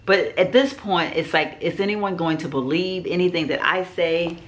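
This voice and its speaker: A woman's voice: fairly low pitch, normal speed. A middle-aged woman vlogger telling a personal story in a rambling way, with many fillers and restarts.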